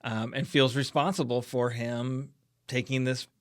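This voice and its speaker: A man's voice: mid-range voice, little pitch movement, measured pace, no echo, clean studio sound. A man co-hosting a casual Bible study podcast, reflecting thoughtfully on the reading and often agreeing with his partner.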